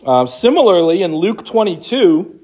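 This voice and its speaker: A man's voice: sits high, big pitch swings, moderate pace, dark tone. A man teaching an apologetics class, explaining scripture in a conversational way and reading passages aloud.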